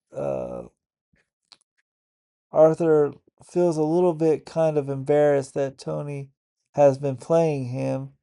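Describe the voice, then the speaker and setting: Slow, gravelly man recapping a TV episode. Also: a little high, warm tone. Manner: halting, stop-start retelling. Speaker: YouTube reviewer.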